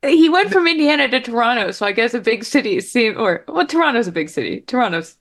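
A woman's voice: on the high side, big pitch swings, quick pace. A woman co-hosting a casual sports talk show, conversational and emphatic. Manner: conversational, emphatic, agrees often. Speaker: podcast co-host.

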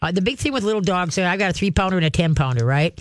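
Man, radio host, folksy dog advice, slightly high voice, dry close sound. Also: animated, racing, dry recording. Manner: folksy, chatty, repeats "okay?" and "all right?".

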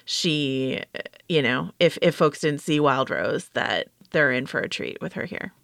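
A woman chats about movies in a loose, laughing way, full of fillers. Her voice is bright and resonant. The sound is close and dry. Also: deep voice, unhurried, vocal fry, dry recording. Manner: chatty, laughs often, many fillers. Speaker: podcast panelist. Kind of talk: casual film discussion.

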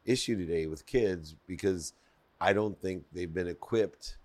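A man's voice: low voice, measured pace, no room sound. A man hosting a podcast interview, chatty and asking long questions. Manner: chatty, laughs along, asks long questions. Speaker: podcast host. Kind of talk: conversational interview.

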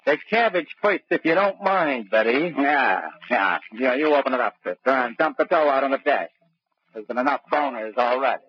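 A man's voice: medium pitch, animated, normal speed, close to an everyday voice. A man playing a sarcastic tough-guy gangster. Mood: menacing. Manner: clipped, street slang, sarcastic. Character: tough-talking male gangster boss, sarcastic. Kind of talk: 1940s radio acting. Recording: muffled old radio broadcast with hiss.

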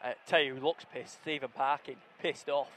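A man's voice: medium pitch, steady tone, moderate pace, fairly bright tone, slight background noise. A man cracking jokes as co-host of a football podcast recorded at a stadium. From Bradford, England. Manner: jokey, banter-filled. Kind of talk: casual football podcast chat. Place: outdoor football stadium press area.

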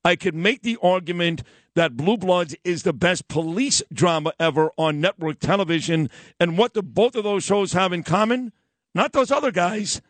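A man's voice: high voice, moderate pace, no echo. A man hosting a casual chat, enthusiastically praising his guest. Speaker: host.

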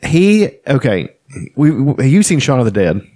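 A man's voice: medium pitch, sing-song, unhurried, mellow, no echo. A man in casual chat as a podcast co-host, rambling, laughing often and swearing freely.

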